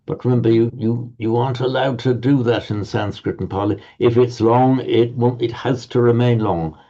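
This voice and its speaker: In dull lo-fi audio, a man teaches Pali pronunciation to a group class, patiently correcting students and often repeating words as he searches for the next one. He speaks at normal speed with a medium-pitched, mellow voice and a steady tone.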